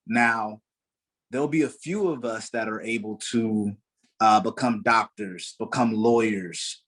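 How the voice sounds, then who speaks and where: A man speaking earnestly and with passion as a panelist in an online discussion, with frequent fillers and short laughs, heard over a video call. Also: lowish voice.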